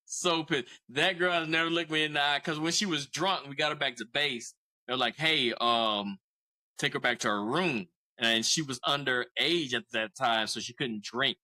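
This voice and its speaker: Bright-voiced man in his 40s telling stories. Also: a little high, fairly even intonation, moderate pace, rough recording. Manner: laid-back, profane, laughs often. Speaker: podcast co-host. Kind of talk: casual storytelling.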